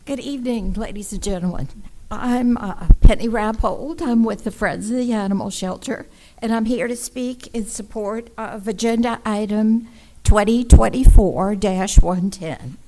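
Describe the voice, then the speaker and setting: Woman, nonprofit volunteer, prepared presentation, polite, organized, mid pitch. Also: unhurried, dark tone, low-quality recording.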